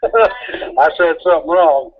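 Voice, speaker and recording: A man's voice: fairly high pitch, lively intonation, slow. A man hosting a talk show, chiming in with brief, dry remarks. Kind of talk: casual chat. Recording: tinny phone line.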